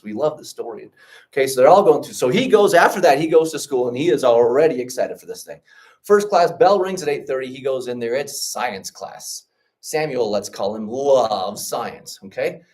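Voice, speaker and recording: A man leading an orientation talk, telling stories in an animated way and checking in often with his listeners. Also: medium pitch, moderate pace, distant mic. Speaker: trip leader and teacher.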